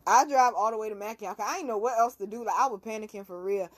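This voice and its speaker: A young woman hosting a casual talk show, telling a story in an animated, slangy, profane way. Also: medium pitch, fast talker. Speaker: podcast host.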